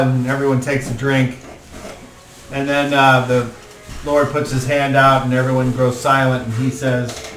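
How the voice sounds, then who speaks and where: A man narrating a tabletop game as game master, unhurried and halting, with many fillers. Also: medium pitch, flat delivery, a bit bright, a little hiss or hum. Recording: roomy, distant mic, faint music.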